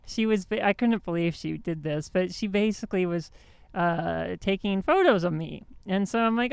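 A woman's voice: lowish voice, moderate pace, vocal fry, a little mellow, clean tone, no echo. A woman hosting a show, telling a story in a casual monologue with indignant emphasis and many restarts. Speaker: host.

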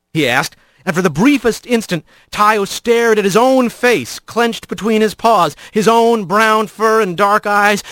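A man narrating fiction in a dramatic, expressive audiobook reading. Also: high voice, dry recording, studio quality.

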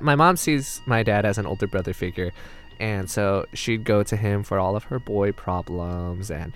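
Young man, storyteller, lively swinging pitch, mid voice, faint guitar music behind. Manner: animated, jumps into quoted voices. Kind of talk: personal storytelling podcast.

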